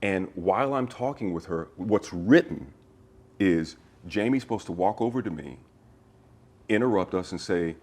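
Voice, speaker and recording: Lower-voiced man telling a story. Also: moderate pace. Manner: animated anecdote teller, earnest when sincere. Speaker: actor, interview guest. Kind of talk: storytelling interview.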